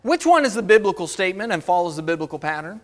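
A man's voice: high-pitched, sing-song, quick pace, fairly bright tone. A man preaching a sermon as pastor, asking the congregation rhetorical questions and acting out the voices of the people he quotes.

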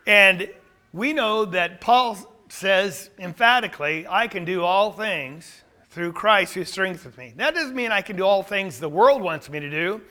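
A man preaching a sermon with a high, bright voice. He speaks emphatically, climbing to forceful peaks, and often repeats words or restarts a phrase as he goes. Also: animated, unhurried. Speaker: pastor.

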